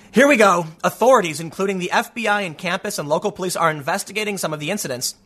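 Sarcastic, bright-voiced male commentator. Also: high voice. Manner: sarcastic, rambling, many restarts. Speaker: commentary host. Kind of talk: opinion commentary monologue.

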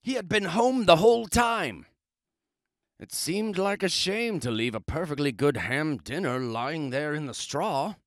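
A man reads a children's storybook aloud, his pitch swinging animatedly as he chats his way through it. He sounds expressive and a little self-justifying. The sound is close and dry. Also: a little slow, no echo. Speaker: storybook reader. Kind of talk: children's book read-aloud, first-person wolf narration.

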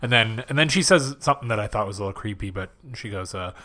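A man co-hosting a podcast, recapping a film in halting casual chat with dry jokes. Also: on the low side, expressive, pushed and bright. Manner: halting, many fillers and restarts, dry jokes. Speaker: podcast co-host. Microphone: podcast microphone.

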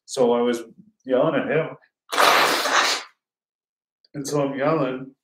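A man's voice: mid-range voice, fairly even intonation, slow pace, very noisy. A man casually telling a rambling story, swearing often and filling with "like". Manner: rambling, heavy swearing, lots of fillers. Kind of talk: casual chat. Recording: roomy echo.

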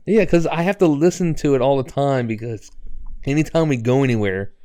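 A man's voice: mid-range voice, brisk, mellow, dry recording, clean studio sound. A man co-hosting a podcast, chatting casually with a sarcastic, ribbing manner. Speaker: podcast co-host. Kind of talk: casual banter.

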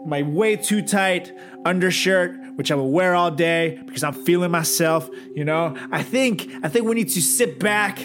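A man in his thirties co-hosting a podcast in casual, crude, joking chat, now and then dropping into a low put-on voice. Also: moderate pace, over music. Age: 30s. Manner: goofy, crude, drops into a low joke voice. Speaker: podcast co-host.

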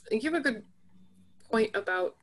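A woman's voice: a little high, expressive, a little fast. A woman co-hosting a casual film podcast, agreeable and searching for her words.

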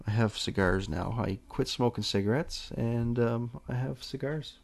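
A man's voice: medium pitch, unhurried, gravelly, dry recording. A man hosting a casual solo podcast, rambling in a laid-back way and swearing freely. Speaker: podcast host.

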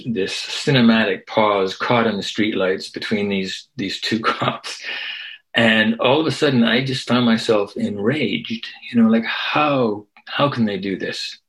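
An older man recounting a memory as an interview guest, his voice sitting somewhat low. He speaks in a relaxed, conversational way, checking in with a frequent "right?" as he goes. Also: rough recording. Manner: conversational, tags lines with "right?". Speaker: guest, activist and historian. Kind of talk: storytelling interview.

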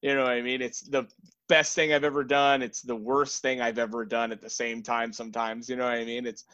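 A man hosts a casual podcast, talking in loose, rambling thoughts and checking in with "you know what I mean" again and again. His voice sits at an ordinary pitch. The recording sounds dull and lo-fi, with the top end rolled off. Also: flat delivery, a little fast, fairly bright tone. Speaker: podcast host. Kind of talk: casual chat.

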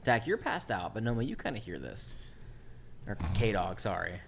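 A man's voice: lowish voice, very animated, moderate pace, gravelly, a bit bright, a little hiss or hum. A man narrating as dungeon master, rambling with lots of fillers. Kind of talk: narrating a tabletop game.

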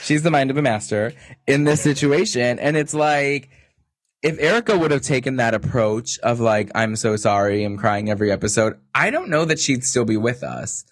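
A man co-hosting a podcast in a casual, animated and gossipy chat, full of jokes. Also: medium pitch, normal speed, no room sound, clean studio sound. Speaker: podcast co-host.

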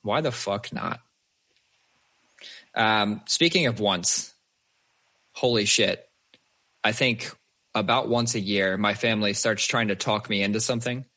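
A man, a father and podcast co-host, chatting casually and telling animated stories with plenty of swearing. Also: on the low side, a little slow, long pauses. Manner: swears freely, animated storyteller. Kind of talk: casual chat.

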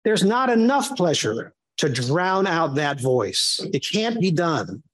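A man's voice: big pitch swings, slow pace. A man teaching a small Bible study group in a conversational way, acting out the voices he quotes. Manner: conversational, acts out quoted voices with big pitch jumps.

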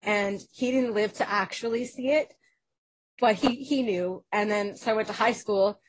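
A woman, an actress and podcast guest, talking in a casual interview, hyper and energetic, acting out what people said to her as she tells her stories. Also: mid-range voice, moderate pace, husky, rough recording. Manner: animated storyteller who acts out quoted dialogue.

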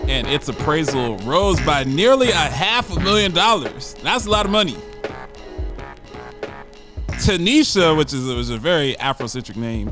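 Reading a news article aloud on his radio talk show, a man keeps breaking off into fired-up, laughing asides and sometimes stumbles over his words. His pitch sits in the medium range.

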